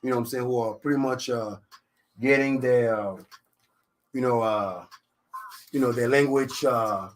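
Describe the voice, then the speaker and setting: A man's voice: medium pitch, fairly even intonation, normal speed, pauses often, slight background noise. A man from Africa with a French accent, hosting a live radio talk show in a studio and chatting casually, with filler phrases in nearly every line. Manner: rambling, constant "you know what I'm saying" fillers; confident, jokey. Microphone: studio microphone.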